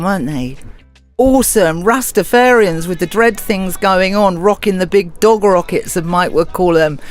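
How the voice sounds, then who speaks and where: A chatty middle-aged radio host from England, speaking in a southern English accent. She talks casually and reads listener comments aloud, with faint music playing under her voice. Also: mid-range voice. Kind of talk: casual live-stream radio chat.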